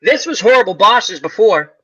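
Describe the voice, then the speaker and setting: A man hosting a casual chat about old comedy movies, animated and laughing as he acts out lines. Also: high-pitched, normal speed, husky, dull audio. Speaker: channel host.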